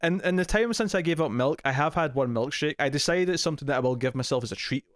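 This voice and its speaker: A man's voice: a little high, fast, no echo. A man co-hosting a TV review podcast in casual chat, talking loosely with lots of fillers and easy laughs.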